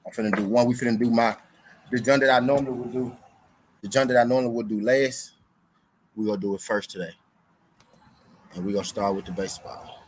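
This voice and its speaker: A man's voice: medium pitch, steady tone, brisk, pauses often, a little hiss or hum, poor audio. A young man hosting a sports betting stream in loose, slangy casual chat, repeating his lines for emphasis. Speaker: sports betting show host.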